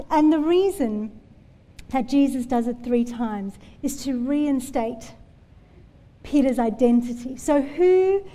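In a church hall with long reverb, a woman with a high-pitched, mellow voice preaches, recounting Bible stories earnestly and conversationally.

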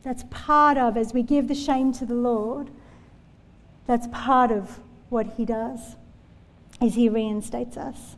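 Speaking slowly in a slightly high, steady voice, a woman preaches in a church hall, sharing Bible stories in an earnest, conversational tone. The recording carries long hall reverb.

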